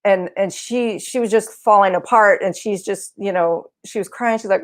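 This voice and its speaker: A woman co-hosting a podcast, talking in a thoughtful, soft way in casual conversation. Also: medium pitch, fairly even intonation, normal speed, hardly any pauses. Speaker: podcast co-host.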